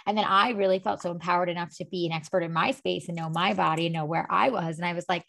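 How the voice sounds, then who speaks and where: A woman's voice: on the low side, fairly even intonation, quick pace, creaky, hardly any pauses, a bit bright. A woman hosting a podcast, telling a personal story in rambling casual chat full of filler words. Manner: rambling storyteller, many "like"s and "you know"s. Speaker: podcast host.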